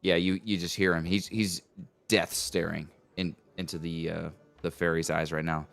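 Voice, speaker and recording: A man's voice: deep voice, moderate pace, creaky, faint music behind. A man narrating a tabletop fantasy game as game master, rambling with fillers. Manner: relaxed, rambling, with many fillers.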